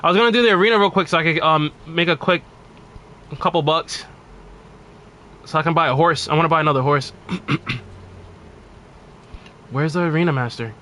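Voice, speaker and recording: Bright-voiced laughing game streamer man. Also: fairly high pitch. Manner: chatty, laughs often, swears casually. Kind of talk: casual live-stream gameplay chat.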